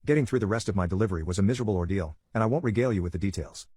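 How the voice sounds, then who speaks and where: A man reading online stories aloud in a rapid, steady read-aloud delivery. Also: on the low side, slightly rough, dry recording, studio quality. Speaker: story narrator.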